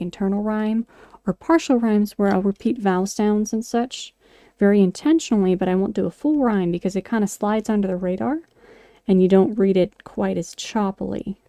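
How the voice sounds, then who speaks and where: A woman's voice: medium pitch, mellow, no echo. A woman vlogger chatting casually and rambling, with many fillers and restarts. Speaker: craft and poetry vlogger. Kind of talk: casual chat while sculpting.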